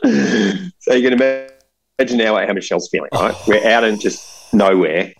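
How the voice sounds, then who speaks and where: A man hosts a podcast and spins a long tale, with plenty of "like" and "right?" as he goes. His voice sits on the low side, and he talks in a loose, animated way. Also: a little slow, gravelly, breathy edge, rough recording. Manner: animated, rambling, full of fillers and asides. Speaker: podcast host. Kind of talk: casual storytelling.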